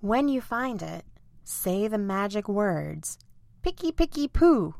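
A woman's voice: medium pitch, sing-song, slow pace, gravelly, darkish tone, no echo, exaggerated voice. A woman voicing a kind female fairy who speaks in a soothing, playful way.

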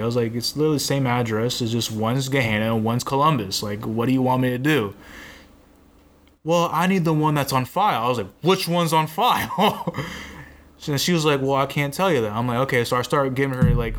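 A man's voice: mid-range voice, fairly bright tone. Exasperated young man telling a story. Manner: rambling, exasperated, swears often. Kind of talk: casual storytelling.

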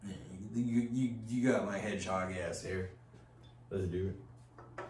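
A man's voice: sits low, slow pace, darkish tone. A man co-hosting a casual podcast, rambling, restarting often, and swearing casually. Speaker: podcast co-host. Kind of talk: casual chat. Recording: roomy, distant mic with faint noise.

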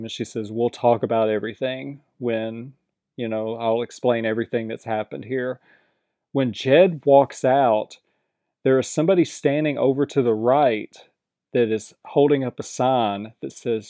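A man's voice: medium pitch, mellow, no room sound. A man casually recapping a reality show episode, rambling with lots of fillers and acting out quoted lines.

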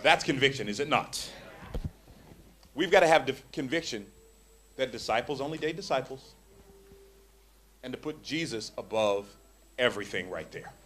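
A man's voice: mid-range voice, normal speed, long pauses, a little hiss or hum. A middle-aged man preaching a sermon in a church, acting out the voices of the people in his stories. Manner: animated, acts out quoted voices. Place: church hall.

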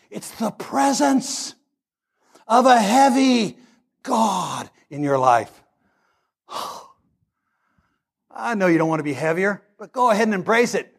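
A man preaching a sermon, telling a story with animated delivery that builds into shouting. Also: sits high, slow, vocal fry, pauses often, husky.

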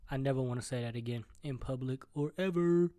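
A mellow-voiced man ranting alone on his podcast from home. He rambles from one topic to the next, swears freely, and stutters and restarts often. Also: medium pitch, fairly quick. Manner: rambling, profane, jumps between topics. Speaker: podcast host. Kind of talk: solo podcast rant.

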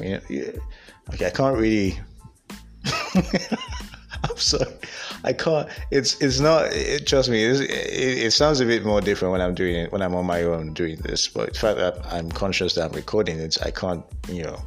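A man's voice: low voice, huge pitch swings, normal speed, soft background music. A man from Africa hosting a solo motivational podcast. He talks candidly and rambles, and he often laughs at himself. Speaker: podcast host.

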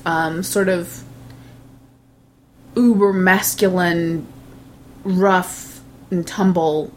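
A chatty woman in casual conversation about a film, talking at a middling pitch and often breaking into laughter. A faint hiss of noise sits under her voice. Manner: chatty, laughs often, animated when amused. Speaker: movie review podcast co-host. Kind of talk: casual chat.

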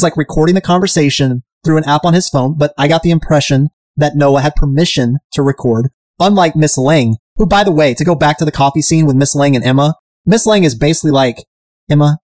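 A man's voice: on the high side, a little fast, a little mellow, no echo. Irreverent man recapping a TV show. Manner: irreverent, profane, mimics characters. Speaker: podcast host. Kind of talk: casual episode recap chat.

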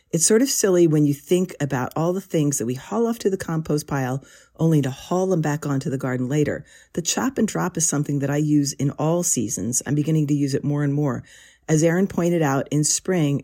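A woman's voice: deep voice, dark tone, husky. A woman hosting a gardening podcast, introducing guests with a friendly, lightly humorous manner. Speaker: podcast host.

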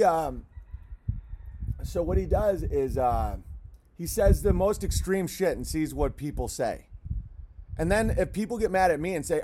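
A man hosting a livestream, rambling in a casual, profane rant and now and then breaking off to yell at barking dogs. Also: on the high side, expressive, unhurried, long pauses, slight background noise. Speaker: livestream host.

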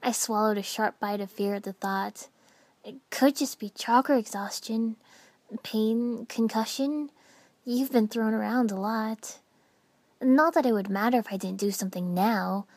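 A woman narrating a first-person story with dramatic expression, dropping to hushed whispers at tense moments. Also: on the high side, unhurried, no echo. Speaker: audiobook narrator.

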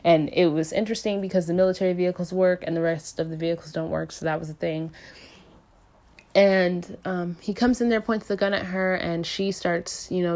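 A woman's voice: lowish voice, a little mellow. Rambling woman recapping a movie. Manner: rambling, filler-heavy, lots of "like" and "um"; casually profane. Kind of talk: casual plot recap.

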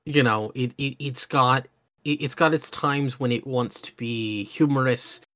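Man, mid pitch, eager, rambling podcast host. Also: unhurried, bright, forceful tone. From Oklahoma, USA. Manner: enthusiastic, rambling, many fillers and restarts. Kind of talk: casual chat.

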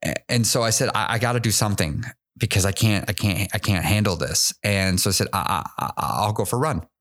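A man with a fairly low voice tells his own story as a podcast host. He talks in a candid, halting way, restarting sentences and repeating words, and now and then laughs at himself. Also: a bit bright. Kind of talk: personal storytelling monologue.

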